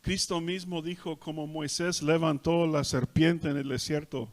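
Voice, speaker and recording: A male pastor with a Texas Spanish accent, preaching a sermon and repeating each point in Spanish and then in English, swelling loud on emphasis. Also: on the high side, steady tone, normal speed. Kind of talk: bilingual sermon. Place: church sanctuary.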